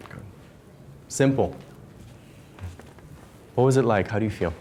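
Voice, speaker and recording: A man, a leadership coach, giving a conversational stage talk to a live audience, gently guiding and then telling a personal story. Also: lowish voice, lively intonation, measured pace, slight background noise.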